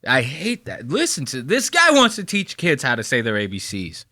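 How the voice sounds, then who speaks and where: A man's voice: mid-range voice, huge pitch swings, moderate pace, bright, forceful tone, no echo, studio quality. A man in his thirties from New Jersey, hosting a podcast with rambling, mocking commentary full of swearing. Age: 30s. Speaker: podcast host. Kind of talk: casual profane commentary.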